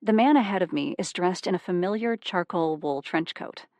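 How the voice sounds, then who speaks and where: A woman narrating a first-person psychological thriller audiobook, tense and hushed in dark moments. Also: lowish voice, animated, normal speed, no echo.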